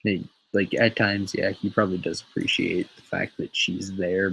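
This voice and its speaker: A man's voice: low voice, level tone, normal speed, vocal fry, few pauses, a bit bright, a little hiss or hum, rough recording. A man hosting a casual show, rambling and swearing freely as he chats. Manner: profane, rambling, laughs often. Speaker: show host.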